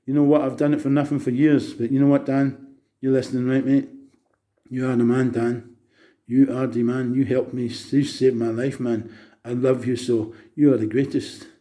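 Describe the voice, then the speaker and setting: A man delivers a breathless, manic monologue, leaping from one subject to the next and slipping into sermonizing. His voice is very dark and mellow, pitched in a middle range for a man. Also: little pitch movement, normal speed. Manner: manic, jumping between topics, preachy. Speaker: vlogger. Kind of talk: rambling monologue to camera.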